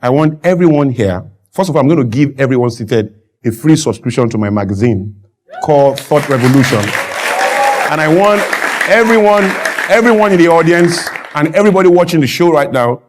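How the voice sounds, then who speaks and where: A high-pitched Nigerian man speaks as a talk show guest. He argues with fervour, repeats lines for effect and pushes his voice up to near-shouts on key points. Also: expressive, fairly quick, a faint crowd, a little hiss or hum. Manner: emphatic, repetitive, building to shouted points. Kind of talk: impassioned studio interview.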